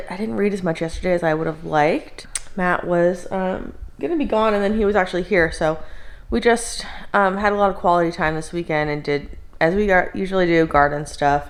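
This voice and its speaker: Chatty young woman, slightly low voice. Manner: chatty, peppered with "like" and "um". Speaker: book vlogger. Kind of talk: casual chatty vlog. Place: at home indoors.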